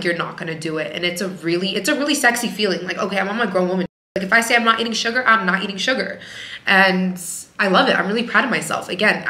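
Woman vlogger, working mom, candid and chatty, bright tone, echoey room. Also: mid-range voice. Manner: frank, chatty, leans on "like" a lot. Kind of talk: candid casual vlog talk.

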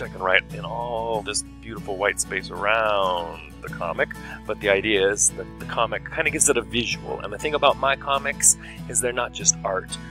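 A man's voice: on the low side, gravelly, bright, forceful tone, husky, no echo. A man teaching a writing lesson in a chatty, explaining way. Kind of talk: classroom video lesson.

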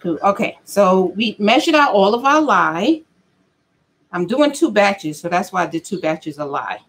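A woman's voice: mid-range voice, measured pace. Chatty woman vlogging while making soap. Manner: chatty, animated storytelling with playful dialect.

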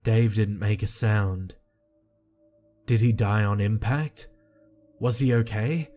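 Slow dark-voiced male horror narrator. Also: fairly low pitch. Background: soft music.

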